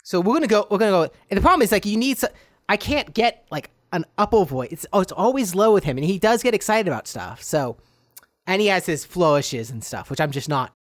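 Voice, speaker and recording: A podcast co-host, a man, chatting and joking in a lively voice with a wide swing of pitch. He explains things at length and makes fun of himself, recorded dry and close to the mic. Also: brisk, no room sound. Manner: animated, explains things, self-deprecating. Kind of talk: casual comedy chat.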